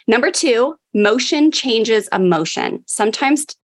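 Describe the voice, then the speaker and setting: A woman's voice: on the high side, expressive, a little slow. Encouraging woman hosting a parenting podcast. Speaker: podcast host. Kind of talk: casual parenting podcast chat.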